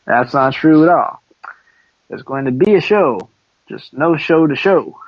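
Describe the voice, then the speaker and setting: A man's voice: on the high side, animated, measured pace. Teasing man chatting on a lo-fi podcast. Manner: joking, teasing, rambling with fillers. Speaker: podcast co-host. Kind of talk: casual chat.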